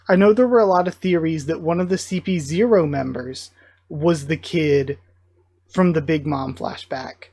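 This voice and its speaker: A man giving live reaction commentary, thinking aloud in an excited, musing way and often correcting himself mid-thought. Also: sits high, a little slow, no echo. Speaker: reaction video host.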